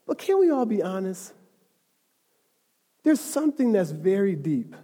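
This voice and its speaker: A man with a high but mellow voice preaches to his congregation. He talks in an easy, chatty way and builds to passionate, emphatic stretches. His voice rings with a long reverb in a church sanctuary. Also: sing-song, measured pace. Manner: conversational, rising to emphatic passion. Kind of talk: sermon.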